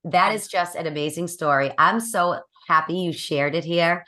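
Low, bright-voiced woman podcast host. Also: normal speed. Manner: earnest and exhorting, speaks like a coach. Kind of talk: encouraging faith-based talk.

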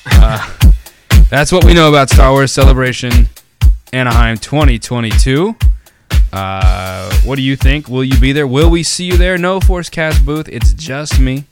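A man's voice: mid-range voice, unhurried, over music. A man hosting a casual podcast, rambling with many fillers and restarts and tossing in jokey asides. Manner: jokey, self-deprecating asides. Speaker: podcast host.

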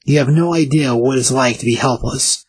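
A man with a husky voice voicing a brooding, bitter male thunder god from a comic, speaking curtly. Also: medium pitch, moderate pace, no room sound, close to an everyday voice.

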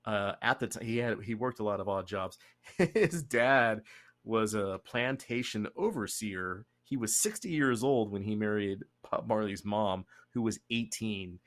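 A young man hosting a casual podcast chat, rambling and joking with quick asides. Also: on the low side, animated. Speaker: podcast host.

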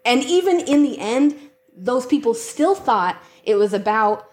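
A woman co-hosting a podcast, her voice sitting a little high. She talks emphatically, swears freely and rambles through fillers and restarts. The sound carries a noticeable room echo. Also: lively intonation, measured pace. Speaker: podcast co-host. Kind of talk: casual chat.

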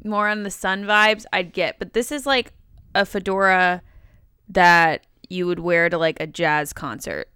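A woman's voice: lowish voice, fairly even intonation, unhurried, bright, forceful tone, smooth, dry recording, clean studio sound. A young woman co-hosting a casual reality-TV podcast, giving blunt, profane opinions. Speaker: podcast co-host.

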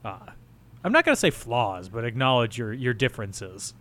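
Teasing man with a lively, bright voice. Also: medium pitch, moderate pace. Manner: teasing, playful. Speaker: podcast co-host. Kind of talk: casual chat.

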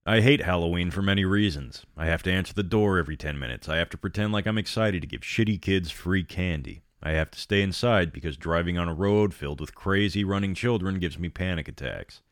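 A man's voice: sits low, fairly quick, few pauses, no room sound, studio quality. A man narrating a horror story aloud, with sardonic asides between passages.

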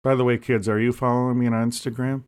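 A man co-hosting a casual comedy podcast, rambling through deadpan jokes and asides. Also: medium pitch, fast, clear, resonant tone. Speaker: podcast co-host.

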